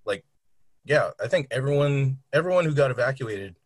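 Husky-voiced man telling lively stories. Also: medium pitch, normal speed, dry recording. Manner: animated storyteller, mimics people in anecdotes. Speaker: knife company employee, podcast guest. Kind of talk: casual podcast chat.

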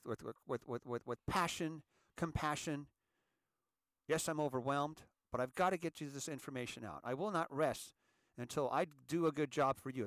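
A man's voice: mid-range voice, a bit bright, no room sound. A man hosting an emotional solo commentary, impassioned and tired after a sleepless night, often repeating words and restarting sentences. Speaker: host.

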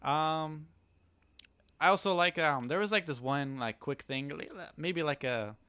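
A man's voice: fairly high pitch, unhurried, bright, forceful tone, smooth, dry recording. A man co-hosting a casual anime review chat, rambling with many fillers and laughing easily. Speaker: podcast co-host.

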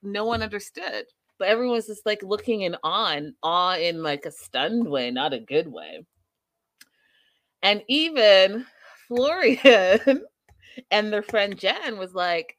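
A woman's voice: mid-range voice, slow, no echo. A woman hosting a casual reality TV recap show, talking animatedly, laughing and acting out what people said. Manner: animated, laughing, acts out quotes. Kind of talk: casual recap and review chat.

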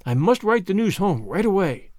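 A man's voice: sits high, no room sound, clean studio sound. A man reading as an effusive teenage schoolgirl. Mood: joyful. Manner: earnest, effusive, quick when excited. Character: eager, dramatic teenage girl student.

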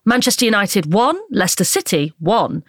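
A woman putting on a posh sports broadcaster voice, reading out scores slowly and deliberately. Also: medium pitch, big pitch swings, dry recording, clean studio sound. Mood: mock-formal.

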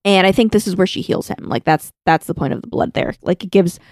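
Animated woman recapping in casual chat. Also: on the low side, fast talker, no room sound, clean studio sound. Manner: animated retelling with quoted lines. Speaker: podcast co-host.

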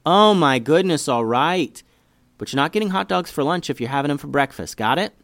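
A man's voice: on the high side, animated, brisk, a bit bright, no room sound, studio quality, voice pushed up. A man doing an exasperated mom. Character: weary, exasperated mother.

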